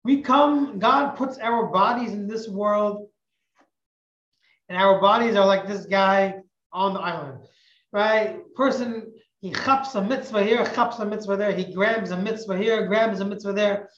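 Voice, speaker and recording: A woman teacher telling a religious parable in an animated, emphatic way, often repeating phrases. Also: medium pitch, a little slow. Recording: echoey, muffled recording.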